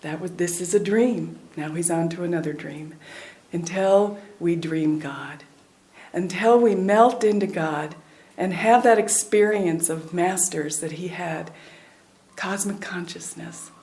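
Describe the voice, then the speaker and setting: A woman in her sixties from the United States, a spiritual teacher giving a devotional talk with a personal story, earnest and dropping to a soft hush at tender moments. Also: fairly low pitch, unhurried.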